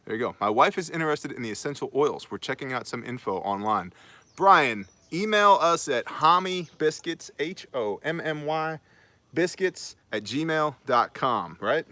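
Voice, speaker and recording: A man's voice: a little high, lively intonation, normal speed, sharp tone, dry recording. A man hosting a casual outdoor livestream on a homestead, joking and upbeat as he greets viewers by name. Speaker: host of a live prepper show.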